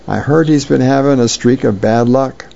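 A man's voice: medium pitch, normal speed, gravelly, warm tone, muffled recording, natural voice. A man voicing a blustery middle-aged Viking chieftain, eager and scheming, in a read-aloud comic strip.

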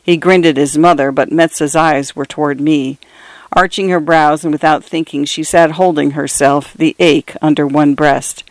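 A man narrating a first-person story in a measured, even way. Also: fairly high pitch, no room sound.

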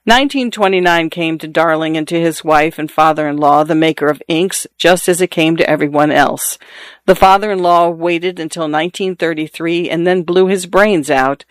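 A man narrating a literary short story in a steady, measured way. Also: a little high, smooth, no room sound.

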